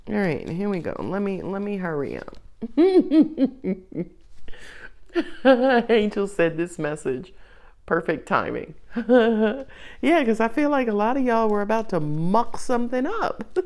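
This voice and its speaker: A woman giving a casual tarot reading to her viewers, expressive and playful, coaxing them and laughing often. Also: a little high, takes it slowly. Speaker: tarot reader.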